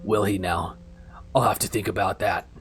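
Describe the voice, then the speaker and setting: A guarded elderly widow with a deep, low-set voice, as a man puts her on for a game. She speaks in terse, grudging sentences and keeps strangers at arm's length. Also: fairly even intonation, moderate pace, soft background music, lightly acted. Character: wary, curt elderly widow woman. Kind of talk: voicing game dialogue.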